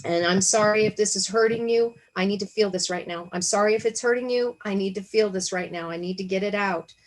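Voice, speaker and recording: Speaking fairly quickly in a mid-range voice, a woman hosts a Bible study discussion on a video call; the recording quality is low. Her casual spiritual teaching is earnest and reflective, with frequent questions aimed at herself aloud.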